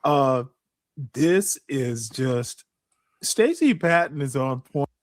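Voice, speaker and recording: A man on a casual livestream panel, talking in a deliberate, argumentative way as he lays out his opinion. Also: mid-range voice, expressive, dry recording.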